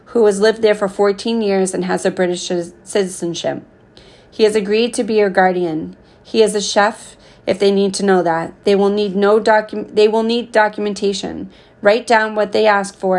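A woman reading a caring, firm father's lines as he calmly advises his young son. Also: medium pitch, natural voice. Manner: calm, steady advice.

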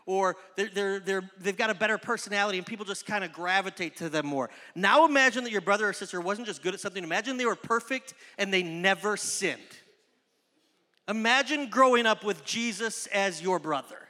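Bright, high-voiced young male preacher. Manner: chatty, joking, animated storytelling. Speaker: youth pastor. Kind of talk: casual sermon. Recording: echoey hall reverb.

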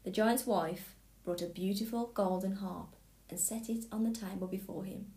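A woman's voice: mid-range voice, steady tone, normal speed, mellow. Woman reading a fairy tale aloud. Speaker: storybook reader. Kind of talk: scripted fairy tale narration.

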